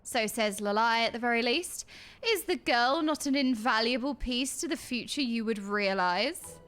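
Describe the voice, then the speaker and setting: A woman's voice: a little high, moderate pace, fairly bright tone, lightly acted. A woman voicing a haughty, imperious female sorceress, reading game dialogue in a lofty, archaic way.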